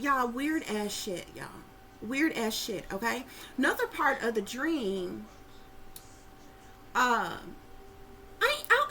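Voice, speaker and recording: A middle-aged woman who works as a psychic reader tells viewers a story in a casual, profane, animated way, calling out to her audience as she goes. Her pitch is fairly high, with slight background noise.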